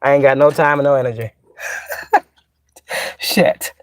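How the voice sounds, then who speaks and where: A woman's voice: extremely low pitch, fairly even intonation, rapid-fire, no echo, clean studio sound. Blunt, profane woman spiritual teacher. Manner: blunt, profane, laughs often. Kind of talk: casual spiritual monologue.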